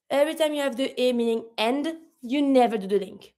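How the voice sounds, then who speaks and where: A woman, a native French speaker, teaching a pronunciation lesson in English, repeating example words slowly and patiently. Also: sits high, a little mellow. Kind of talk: language lesson explaining pronunciation.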